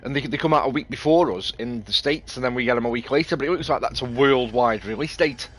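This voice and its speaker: A man's voice: mid-range voice, fast. A British man chatting casually and rambling as he streams a game, laughing easily. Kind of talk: casual live stream chat.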